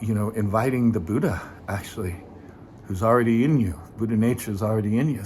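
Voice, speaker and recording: Male meditation teacher, lowish voice, gentle and unhurried, relaxed dharma talk into guided meditation. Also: slight background noise. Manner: gentle, unhurried, informal with light laughter.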